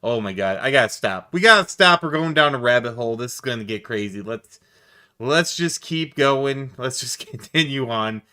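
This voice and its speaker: A man's voice: mid-range voice, lively intonation, normal speed, pushed and bright, clean tone. A man hosting a react stream, rambling and laughing as he talks casually, with some swearing.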